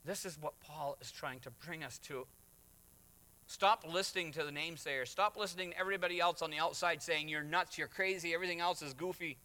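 A man's voice: on the high side, brisk, sharp tone. A man preaching a sermon as pastor, emphatic, with acted asides and rising refrains. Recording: reverberant hall.

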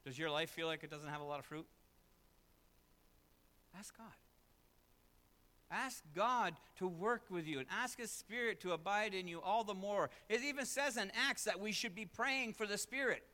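A man's voice: high voice, moderate pace, pauses often, pushed and bright. A man preaching a sermon as pastor, speaking emphatically, repeating key phrases and adding self-deprecating asides. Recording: long reverb of a large room.

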